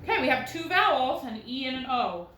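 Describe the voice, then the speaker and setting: A woman's voice: high-pitched, sing-song, a little fast, a bit bright, echoey room, slight background noise, low-quality recording. A woman teaching a recorded first grade phonics lesson, patiently sounding words out syllable by syllable and asking guiding questions. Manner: asks rhetorical questions to guide young students.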